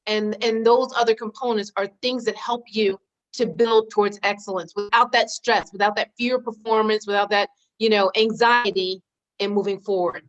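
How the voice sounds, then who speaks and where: A woman's voice: mid-range voice, fairly even intonation, normal speed, highs cut off. A woman, a former teacher who hosts the show, chatting casually with her guest, laughing easily and prompting him with questions. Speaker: podcast host, former teacher. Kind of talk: casual interview chat.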